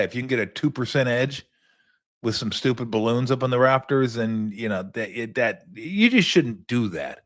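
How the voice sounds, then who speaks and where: An older man hosting a sports talk show, rambling in a casual monologue with profane, sarcastic asides. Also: medium pitch.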